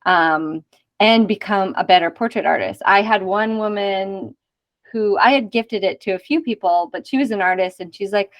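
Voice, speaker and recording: Chatty woman podcast host. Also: mid-range voice. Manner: chatty, quick to act out quoted conversations. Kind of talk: casual podcast interview chat.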